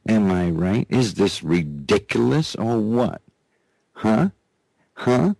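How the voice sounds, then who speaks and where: A man's voice: lowish voice, a little mellow, no room sound. A man hosting a live talk radio show, delivering sarcastic news commentary with frequent mocking laughs and repeated phrases. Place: radio studio.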